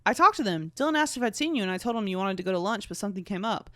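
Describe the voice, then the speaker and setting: A woman's voice: medium pitch, animated, racing, no room sound, studio quality, close to an everyday voice. A woman reading aloud as a friendly, chatty young woman on a film set, in a casual, teasing way.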